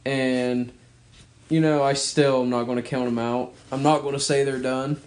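A man's voice: mid-range voice, flat delivery, normal speed, darkish tone. A man co-hosting a podcast, chatting easily about sports and asking his partner for predictions. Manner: easygoing, asks for predictions. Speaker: podcast co-host. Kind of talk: casual sports chat.

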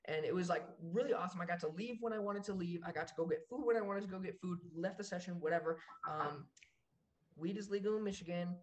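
Excitable young man telling stories. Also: high-pitched, quick pace. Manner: excitable, laughing storyteller with many fillers. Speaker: podcast co-host. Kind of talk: casual chat.

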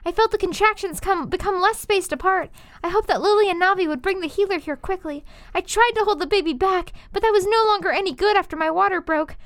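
A woman's voice: extremely high pitch, fast talker, fairly bright tone, no echo. A young woman hosting a comedic fan fiction reading, with giggly, self-deprecating asides.

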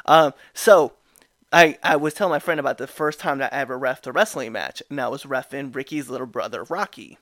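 A man hosting a podcast, telling a story in a casual, animated way with frequent laughs and restarts. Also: mid-range voice, brisk, dry recording, clean studio sound. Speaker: podcast host.

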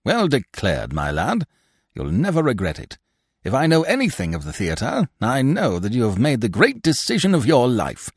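A man's voice: mid-range voice, huge pitch swings, normal speed, breathy edge, no room sound, clean studio sound, pitched above the performer's own voice, heavily acted. A man voicing Binet, a blustering, leering theatre boss. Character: heavy, powerful, cunning middle-aged male theatre manager.

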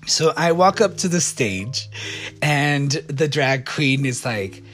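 A man's voice: fairly high pitch, animated, slow pace, fairly bright tone, soft background music. Rambling American man telling a story. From United States. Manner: rambling, self-correcting, many fillers. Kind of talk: casual storytime.

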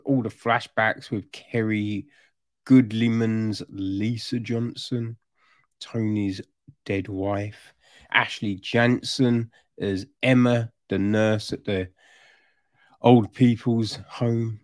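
Here a man gives a casual TV series review, rambling through fillers and restarts until he turns exasperated and loud in his rant. His lowish voice is slow with fairly even intonation. It's a dry, studio-quality recording.

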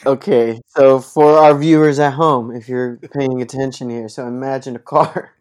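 A man's voice: medium pitch, fairly even intonation, moderate pace, a little mellow. Mid-range man as a casual podcast host; ribbing his guest, profane and loose. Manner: teasing, profane, pushes friend to tell the story. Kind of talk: casual chat.

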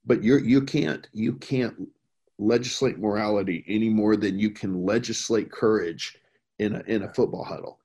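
A man's voice: on the low side, fairly even intonation, moderate pace, a little mellow, breathy edge. A middle-aged man from the United States talking casually and earnestly, emphatic and rambling with restarts. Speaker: podcast guest, veteran who worked overseas. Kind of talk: casual conversation.

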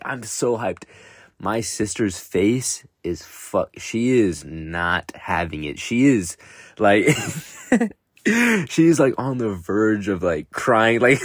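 This podcast host, a young man, has a lowish voice with a breathy edge, captured dry and clean in the studio. Chatting solo, he drifts through a story, frequently laughing and cursing without restraint.

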